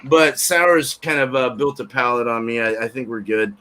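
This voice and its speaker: A man's voice: medium pitch, normal speed, clean tone. A man hosting a casual beer review livestream, talking loosely with laughing outbursts. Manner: loud, laughing outbursts and shouted impressions. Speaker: host.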